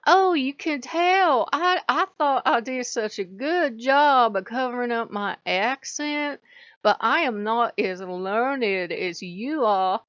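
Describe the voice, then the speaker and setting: A woman's voice: fairly high pitch, lively intonation, takes it slowly, fairly bright tone, dry recording, pitched above the performer's own voice. Lady doing a mock-humble country woman, thick southern drawl, dull lo-fi sound. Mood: sarcastic. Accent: exaggerated rural Southern US. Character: sarcastic country woman playing dumb. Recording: dry lo-fi recording.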